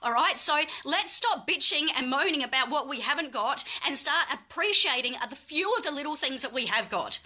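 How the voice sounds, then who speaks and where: A woman's voice: sits high, lively intonation, normal speed, few pauses, sharp tone. A woman with an Australian accent making an impassioned, angry plea as an activist guest, emphatic and swearing.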